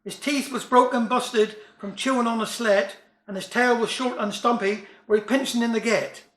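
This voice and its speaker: A man's voice: extremely high pitch, steady tone, normal speed, fairly bright tone, echoey room. A man reciting comic verse and jokes in broad dialect with a wry delivery. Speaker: storyteller.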